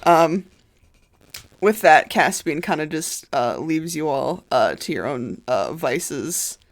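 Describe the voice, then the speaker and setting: A game master narrating a tabletop game on a live stream in a loose, halting way with many fillers. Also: mid-range voice, expressive.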